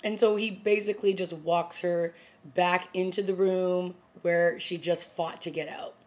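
A woman casually recapping a TV episode, retelling scenes in a chatty, animated way and acting out the characters' lines. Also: fairly low pitch, a little slow. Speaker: TV reviewer.

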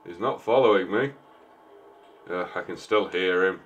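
A deep male voice, a little slow, is recorded with the highs cut off. The gameplay streamer jokes casually through a let's-play, talking back at the game's characters.

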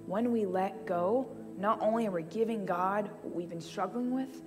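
A woman's voice: medium pitch, moderate pace, big-room sound, music in the background. A woman giving a sermon, telling a personal story with playful asides. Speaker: church speaker. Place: church hall.

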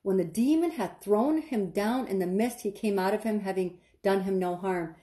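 A woman's voice: medium pitch, normal speed, warm tone. A woman giving an impassioned online sermon, dramatic and urgent, repeating phrases and speaking straight to her listeners. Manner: addresses listeners directly and casually. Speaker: online preacher.

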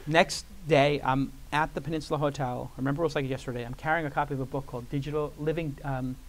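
Brief: male interview guest, raised pitch, rapid and animated anecdote delivery, slips into quoted voices. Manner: animated storyteller who acts out quoted voices, many "like" fillers. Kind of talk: storytelling interview. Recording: live event with audience.

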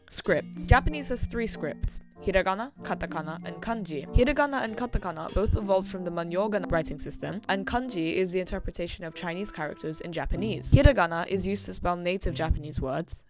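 A woman reading a scripted language lesson as a voice-over, explaining points clearly and steadily. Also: lowish voice. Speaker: language educator. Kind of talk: scripted educational narration. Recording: clear music playing behind the voice. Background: background music.

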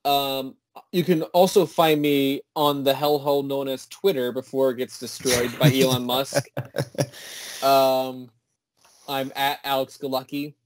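A young man co-hosting a podcast, talking in a relaxed, wry, joking way. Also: medium pitch, measured pace, no room sound. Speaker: podcast co-host. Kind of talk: casual chat.

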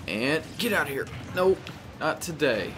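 A young man giving casual, animated commentary while playing a video game, talking to the characters on screen and often exclaiming. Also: on the high side, unhurried, over music. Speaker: gameplay commentator. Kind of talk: casual live gameplay commentary.

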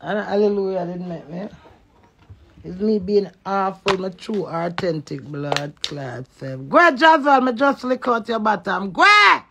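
A woman's voice: on the low side, a little slow, a little hiss or hum, rough recording. A Jamaican woman who is a social media influencer, chatting brashly and profanely in patois with her live-stream viewers. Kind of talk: casual live-stream chat.

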